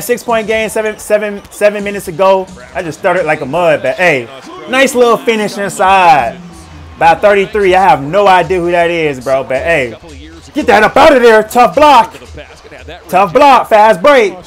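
A young man giving casual, slang-heavy play-by-play reaction to basketball highlights, stammering, repeating himself and laughing as he hypes the plays. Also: a bit bright. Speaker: sports reaction host.

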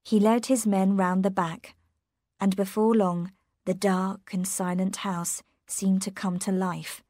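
Woman reading a graded reader slowly. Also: mid-range voice, flat delivery, mellow, dry recording, studio quality. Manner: slow, careful and clear. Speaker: narrator. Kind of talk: graded reader audiobook narration.

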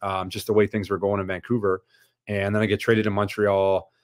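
A man's voice: on the low side, little pitch movement, fairly quick, dry recording, studio quality. A man as a podcast guest, telling stories in casual chat with frequent restarts and fillers. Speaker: podcast guest, former hockey player.

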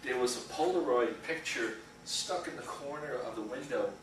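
A middle-aged animation storyboard artist gives a casual guest lecture in a school lecture room, his voice at medium pitch and normal speed. He rambles through anecdotes, laughing often and acting out quotes. The room is echoey, the mic distant, with faint hiss.

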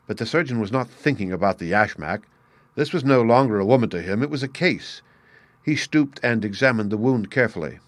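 A man narrating a classic story aloud in a steady, clear storytelling manner. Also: on the low side, fairly quick, no echo.

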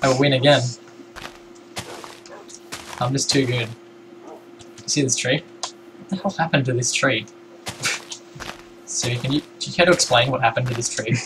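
Giggly guy on a game stream, mid pitch, lots of hiss behind him. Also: normal speed, pauses often. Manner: giggly, teasing, excitable. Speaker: gaming live-streamer. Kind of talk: casual co-op game stream chat. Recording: noisy home recording.

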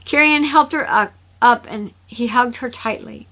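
A woman's voice: a little high, unhurried, bright, forceful tone, rough recording. A woman reading her own story aloud, narrating expressively between the dialogue.

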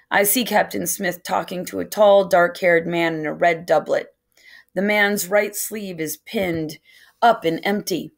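Low, gravelly woman reading aloud. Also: measured pace. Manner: steady first-person story reading. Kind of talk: reading a novel aloud in class.

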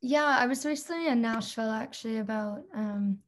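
Young woman from toronto, chatty singer guest, laughs a lot, kinda high voice. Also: a little fast. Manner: chatty, laughs often, many fillers. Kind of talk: casual interview chat.

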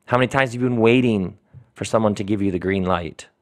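A middle-aged man hosting a podcast, telling a story with animated bursts and then slowing into weighty, reflective pauses. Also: lowish voice. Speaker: podcast host. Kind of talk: reflective spoken monologue.

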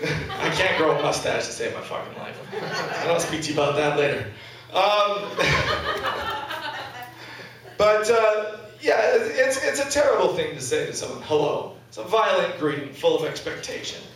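High-voiced man doing stand-up in an echoey club. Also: very animated, moderate pace, recorded from a distance, a crowd in the background. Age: 30s. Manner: self-deprecating, profane and wry. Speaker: stand-up comedian. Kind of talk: stand-up comedy set. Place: comedy club stage, indoors. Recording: echoey club audio from afar with audience laughter.

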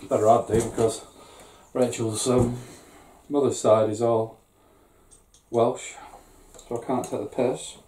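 Recorded from afar in the echoey garden brew shed, a middle-aged channel host unpacks home-brewing equipment. His medium-pitched voice is mellow, his chat casual, sweary, and self-deprecating, with a little background noise.

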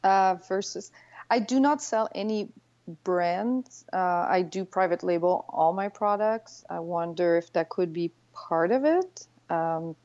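A woman with a French Canadian accent, French being her first language, talks as a guest in a relaxed interview. Her voice sits fairly low, and she pauses now and then to find the right English word. The audio is dull and lo-fi. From Quebec City, Canada. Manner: friendly, hesitant, searching for words. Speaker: guest, online seller. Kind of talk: casual podcast interview.

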